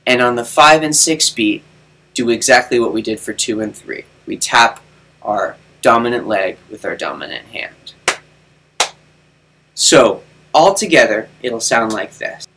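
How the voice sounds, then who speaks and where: A man's voice: mid-range voice, lively intonation, a little slow, noisy background. A man teaching an online rhythm class for children, explaining patiently and counting beats aloud. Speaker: music teacher.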